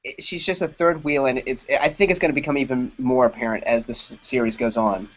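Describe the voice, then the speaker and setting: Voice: mid-range voice, fairly even intonation, a little fast. A podcast co-host talking in casual chat, rambling with many fillers and restarts. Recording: dull lo-fi podcast audio.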